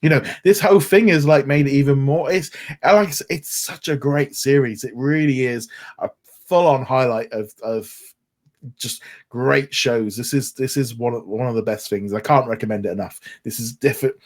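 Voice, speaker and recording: A man's voice: medium pitch, moderate pace. Enthusiastic man rambling on a podcast. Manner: enthusiastic, rambling with frequent restarts. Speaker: podcast co-host. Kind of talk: casual podcast chat.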